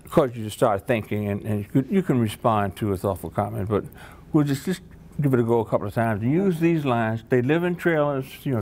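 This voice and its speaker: A man's voice: mid-range voice, darkish tone, slight background noise. Upbeat encouraging male workshop trainer.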